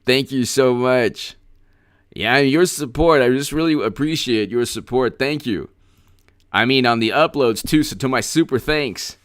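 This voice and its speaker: A man's voice: mid-range voice, measured pace. A man hosting a political commentary livestream, talking in a sarcastic, rambling way with stammered repeats.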